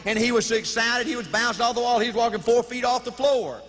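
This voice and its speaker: High-pitched preacher-style speaker. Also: male voice, quick pace. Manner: animated, folksy, punchy repetition, shouting. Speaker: motivational speaker. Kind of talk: live motivational speech. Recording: reverberant hall, faint noise.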